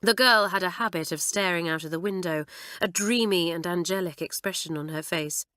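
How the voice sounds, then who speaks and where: A woman reading a children's audiobook aloud in an expressive way, close to the mic. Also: fairly low pitch, brisk. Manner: expressive, animated. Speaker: audiobook narrator.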